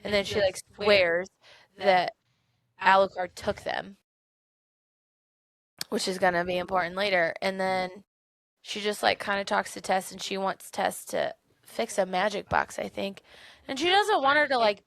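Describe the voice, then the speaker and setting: Chatty young woman with a gravelly edge. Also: medium pitch, unhurried, long pauses, dry recording. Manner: chatty, animated retelling with many "like"s. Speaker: podcast co-host. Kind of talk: casual book discussion.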